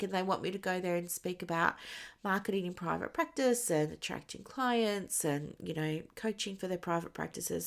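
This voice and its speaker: A woman hosting a solo podcast as a business coach, chatting casually with many fillers and small laughs, and she has the hiccups. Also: on the low side. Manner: chatty and warm, with frequent fillers and little laughs.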